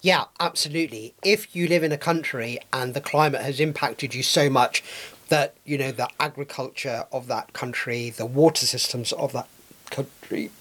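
A man's voice: mid-range voice, normal speed, a bit bright. Hesitant man on community radio. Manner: hesitant, many fillers and restarts. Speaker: radio co-host. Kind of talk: casual radio chat.

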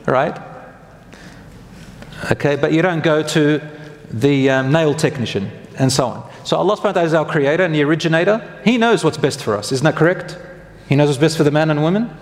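A man's voice: fairly high pitch, fairly quick. A man giving a religious lecture to a congregation in a conversational way, putting questions to the audience and correcting himself as he goes. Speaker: Islamic preacher. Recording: long hall reverb.

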